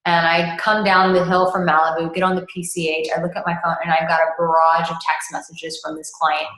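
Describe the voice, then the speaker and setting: A woman's voice: fairly low pitch, flat delivery, fairly quick, a bit bright. A woman intimacy coach telling a personal client story in conversation, candid and blunt, with frank profanity. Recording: echoey room.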